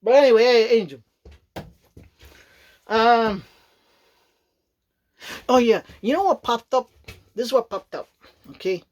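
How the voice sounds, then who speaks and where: A woman's voice: fairly high pitch, unhurried, pauses often, darkish tone, muffled recording. A woman vlogging in a loose, rambling chat, often checking in with the listener and breaking into laughs. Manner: rambling, chatty, repeats "you know what I mean", laughs often. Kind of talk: casual rambling monologue.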